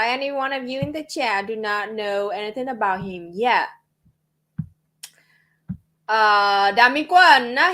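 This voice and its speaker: A woman with a Vietnamese accent hosting a casual livestream chat, candid and quick to laugh. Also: on the high side, bright, forceful tone. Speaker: livestream host.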